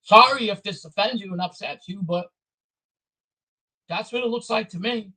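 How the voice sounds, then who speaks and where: A man speaks in a high register, rattling off repeated complaints in a blunt, heated way. His tone is bright and a little sharp, as in a solo rant recorded for his own channel. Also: moderate pace, breathy edge, low-quality recording. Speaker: vlogger. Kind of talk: angry political rant to camera.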